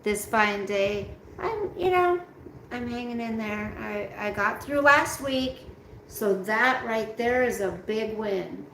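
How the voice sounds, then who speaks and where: A tired woman hosts a relaxed livestream, slowly rambling and greeting viewers by name. Her voice has a gravelly edge and sounds tired. The room is echoey, with a faint hum behind her. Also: medium pitch. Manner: slow, rambling, talks straight to chat by name. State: tired, yawning. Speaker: livestream host reading chat. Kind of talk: casual live chat with viewers. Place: at home, roomy room.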